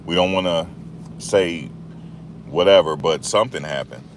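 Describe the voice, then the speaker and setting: A man's voice: deep voice, moderate pace, a little hiss or hum. A man hosting a casual commentary monologue, chatty and repetitive, laughing at the story he tells. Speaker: YouTube commentary host.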